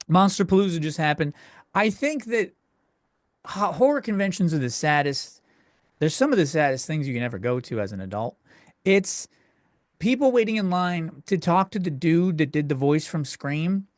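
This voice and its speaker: A young man rants crudely through his solo comedy podcast, fumbling and restarting as he gets worked up. His voice sits a bit high for a man. He is recorded close and dry at home. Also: big pitch swings, normal speed, dry recording. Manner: crude, exasperated ranting with frequent self-interruptions. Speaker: podcast host.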